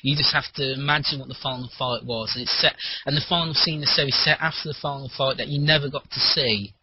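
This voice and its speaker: A man talking in a rambling, animated casual chat, swearing freely, on a muffled lo-fi recording. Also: medium pitch, a little fast, slightly rough.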